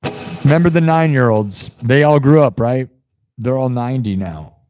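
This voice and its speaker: A man's voice: mid-range voice, lively intonation, normal speed, a little mellow, lo-fi sound. A young man hosting a live music stream, chatting in a rambling, laid-back way with lots of "dude" and "like". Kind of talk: casual rambling chat.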